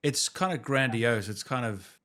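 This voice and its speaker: A man with a mid-range voice, hosting a casual podcast interview. He asks eager, quick questions and laughs along. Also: mid-range voice, bright, forceful tone. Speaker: podcast host.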